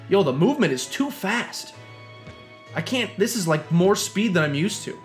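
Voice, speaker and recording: Young male streamer, slightly high voice, playful ranting commentary, faint game music underneath. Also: lively intonation, normal speed. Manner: joking, ranting, reads game dialogue aloud. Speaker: streamer playing a video game. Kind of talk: casual gameplay commentary.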